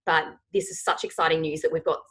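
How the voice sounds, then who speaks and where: A woman's voice: low-pitched, flat delivery, fast talker, fairly bright tone, breathy edge, low-quality recording. A woman in her thirties leading a team training call, emphatic and rallying, often checking in with "okay?".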